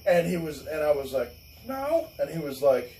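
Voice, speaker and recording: A man's voice: on the high side, fairly quick, warm tone. A man telling a long story in casual chat, cursing, laughing, and acting out the voices of the people in it. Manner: swearing, laughing, acts out voices in his story. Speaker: co-host. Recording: echoey room, far from the mic, faint noise.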